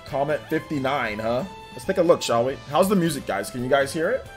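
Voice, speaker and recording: Lively man chatting to his viewers. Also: mid-range voice, fairly quick. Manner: chatty, laughs often, answers viewers directly. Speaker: livestream host reading chat. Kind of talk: casual livestream chat. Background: faint game music.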